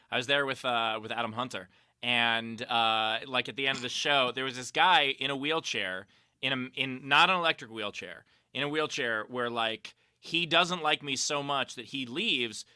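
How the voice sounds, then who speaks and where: A man's voice: mid-range voice, normal speed, pushed and bright, clear, resonant tone, dry recording. A man hosting a comedy chat over a video call, telling profane stories and laughing through them. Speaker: podcast host and comedian. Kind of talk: casual chat, storytelling.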